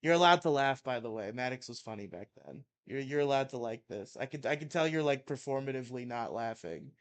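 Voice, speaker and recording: A man's voice: mid-range voice, expressive, fairly quick. A young man co-hosting a casual show, reading a comedy article aloud with mock outrage and laughing at his own reading. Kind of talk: casual chat and comic dramatic reading.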